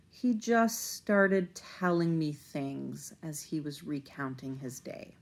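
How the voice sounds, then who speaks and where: A woman's voice: on the low side, fairly even intonation, slow pace, hardly any pauses, darkish tone. A woman talking casually to the camera as a parent vlogger, rambling a little and using plenty of fillers. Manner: conversational, rambling, with fillers and restarts.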